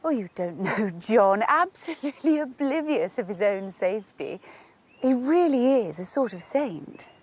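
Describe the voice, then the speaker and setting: An actress playing a flighty doctor's wife who chatters in an airy, scatterbrained way. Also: female voice, fairly high pitch, lively intonation, a little slow.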